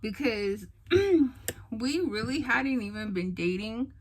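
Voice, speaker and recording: Animated young woman telling a story. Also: on the high side, slow pace, low-quality recording. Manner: animated, re-enacts others' lines, many fillers. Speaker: vlogger. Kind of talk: casual storytelling.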